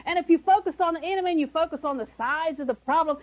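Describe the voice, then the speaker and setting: High-voiced emphatic woman preacher. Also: quick pace, few pauses, highs cut off. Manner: emphatic, chuckling, repeats key words. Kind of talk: sermon.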